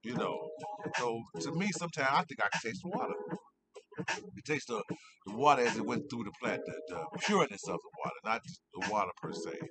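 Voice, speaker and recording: A middle-aged man, high, rambling casually and repeating himself as he reviews cannabis on his vlog. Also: big pitch swings, fast talker, noisy background. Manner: meandering, repeats himself, laid-back.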